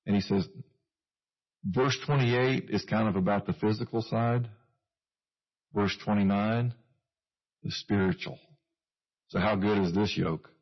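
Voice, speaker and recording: A man's voice: fairly low pitch, a little slow, long pauses, dull audio. A man preaching a conversational sermon, chuckling at himself now and then. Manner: conversational, with self-deprecating asides and chuckles.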